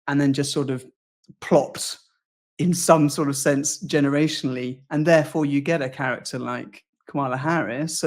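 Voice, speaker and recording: A man from the UK, a public speaking coach, talking in a podcast interview, speaking fluently and acting out quoted lines. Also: a little high. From United Kingdom.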